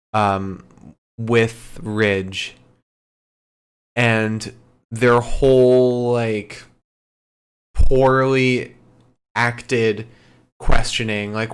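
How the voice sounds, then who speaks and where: A man co-hosting a podcast, calmly talking through wrestling storylines in casual chat. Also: mid-range voice, clean tone. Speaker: podcast co-host.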